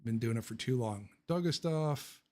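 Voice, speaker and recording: A man's voice: mid-range voice, expressive, moderate pace, warm tone. A man hosting a casual livestream Q&A, rambling and joking, blunt with his opinions and laughing often. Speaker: livestream host answering viewer questions.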